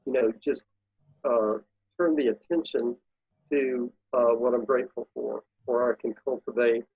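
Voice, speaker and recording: A man talks in a husky, slightly breathy voice, pressing his points home with an emphatic coaching manner. The audio is dry and muffled, with a lo-fi dullness. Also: medium pitch, warm tone, no echo. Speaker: guest, productivity speaker and consultant. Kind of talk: casual interview talk.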